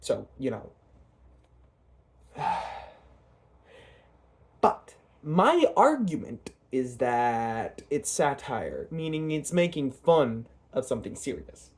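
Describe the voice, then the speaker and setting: A man's voice: mid-range voice, very animated, slow, long pauses, darkish tone, breathy edge. Rambling, hesitant young man. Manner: rambling and hesitant, with many fillers and restarts. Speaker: channel host. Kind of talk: casual vlog commentary.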